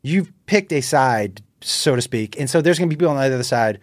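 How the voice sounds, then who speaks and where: A man's voice: mid-range voice, animated, a little fast, no room sound, clean studio sound. A male comedian guest talking earnestly, often stopping to correct his choice of words. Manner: earnest, searches for words, restarts sentences. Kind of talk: casual chat.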